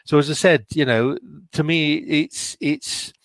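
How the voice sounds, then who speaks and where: A man's voice: fairly high pitch, unhurried, no echo. A man speaking as a trance medium in a casual discussion, plain-spoken and colloquial.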